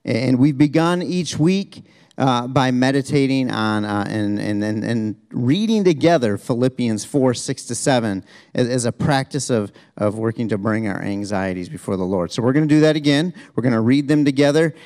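A man's voice: mid-range voice, normal speed, darkish tone. Chatty, self-deprecating male pastor. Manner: casual, self-deprecating, with many restarts. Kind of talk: sermon. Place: church sanctuary, also streamed.

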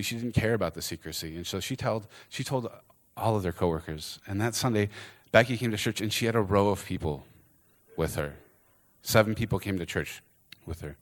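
A man preaching, telling a story and acting out the characters' lines with lively energy. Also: deep voice. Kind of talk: storytelling sermon.

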